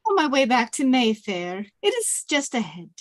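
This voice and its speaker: A woman reading a proud, sharp-tongued young woman at a table read, crisp and tart. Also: fairly high pitch, big pitch swings, normal speed, dry recording. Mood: prickly.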